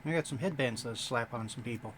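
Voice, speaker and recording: A man's voice: medium pitch, quick pace, background noise. A man streaming live gameplay, chatting casually and reading game text aloud.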